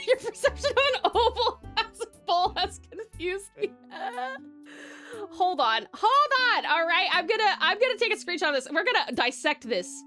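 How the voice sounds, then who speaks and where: Young aussie woman streamer, giggly and excitable, high lively voice, swears a lot. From Australia. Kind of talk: casual live-stream chat.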